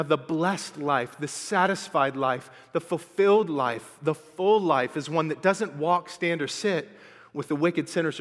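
A man in his forties preaching a sermon, telling stories animatedly and acting out his own quotes. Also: on the high side. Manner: animated storytelling with acted-out quotes. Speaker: pastor. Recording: long hall reverb.

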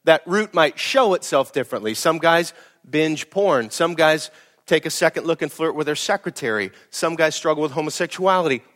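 A middle-aged man, a pastor preaching a sermon in a blunt, emphatic way, swinging from loud to hushed. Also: fairly high pitch, lively intonation, moderate pace.

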